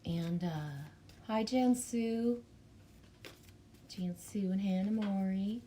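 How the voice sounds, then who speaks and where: A chatty Canadian woman hosting a relaxed livestream, bubbly and loose, greeting her viewers one by one. Her pitch sits in an ordinary middle range, and faint background noise hums beneath her voice. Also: slow. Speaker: livestream host reading chat. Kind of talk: casual live chat.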